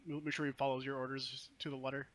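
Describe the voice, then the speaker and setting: A man's voice: mid-range voice, flat delivery, fast, slight background noise. A man running a tabletop game as game master, narrating the scene in a playful, teasing way.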